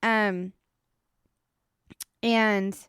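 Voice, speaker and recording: A woman co-hosting a podcast from home, telling a story in a casual, animated way, peppered with "like" and swearing. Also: medium pitch, extremely slow, smooth, no room sound, studio quality. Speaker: podcast co-host. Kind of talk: casual chat.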